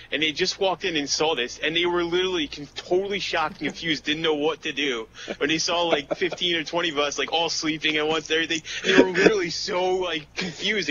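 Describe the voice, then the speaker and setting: A man co-hosting a casual gaming podcast, enthusiastic and rambling, saying "like" and "literally" a lot. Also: a little high. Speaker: podcast co-host. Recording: dull lo-fi mic with faint noise.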